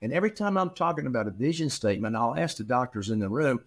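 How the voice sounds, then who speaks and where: Man, middle-aged, consultant, lively anecdotes, acts out quoted dialogue, mid-range voice. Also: mid-range voice, quick pace. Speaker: practice management consultant. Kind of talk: storytelling in an interview.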